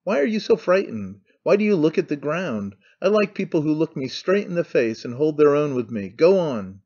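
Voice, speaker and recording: A man reading an audiobook, voicing a domineering aging noblewoman who scolds and commands in sharp outbursts. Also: on the high side, sing-song, moderate pace, highs cut off. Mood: stern.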